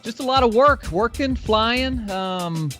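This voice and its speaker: A man's voice: very high-pitched, expressive, takes it slowly, pushed and bright, soft background music. A man chatting easily and joking on a live stream, talking about his aerial photography work. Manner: easygoing, joking. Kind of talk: casual live-stream chat.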